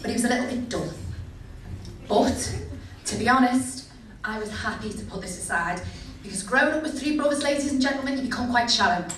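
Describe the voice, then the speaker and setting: A woman's voice: fairly high pitch, fairly quick, long pauses, a bit bright, a little hiss or hum. A young woman doing a cheeky, chatty stand-up set, asking the crowd questions. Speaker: stand-up comedian. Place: comedy venue. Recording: echoey venue, distant mic.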